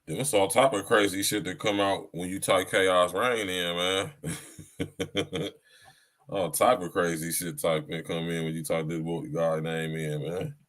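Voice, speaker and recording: A man hosts a casual podcast livestream, hyped up and repeating his points. His voice is bright and forceful, and he keeps tagging "man" onto his lines. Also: low-pitched, fairly even intonation, measured pace. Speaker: podcast host.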